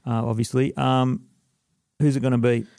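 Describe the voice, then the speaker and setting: A man hosting a podcast, quick and chatty as he tells a story. His voice sits in a middle register. The sound is dry and close, with no room around it. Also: mid-range voice, little pitch movement, gravelly, mellow, no room sound. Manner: quick, chatty, keeps apologising for interrupting. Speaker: podcast host. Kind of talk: casual chat and storytelling.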